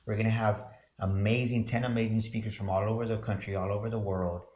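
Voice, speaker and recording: A man's voice: lowish voice, level tone, quick pace, darkish tone, muffled recording. A man co-hosting a motivational talk show, speaking fervently with repeated, preacher-like build-ups. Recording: roomy echo.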